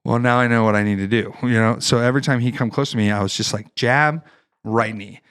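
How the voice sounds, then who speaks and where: This podcast guest, an Ohio fighter and Marine veteran in his thirties, has a clean, medium-pitched voice and a brisk delivery. He chats casually about the war, swearing and animatedly impersonating people from his stories.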